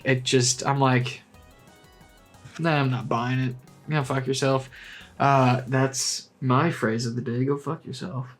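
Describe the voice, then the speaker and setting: A young man rattles through his movie rankings in a loose, rambling way, blunt and full of swearing, with animated asides. His voice sits at an ordinary middle pitch. Faint music plays quietly behind him. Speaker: movie vlogger. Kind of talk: casual opinionated commentary.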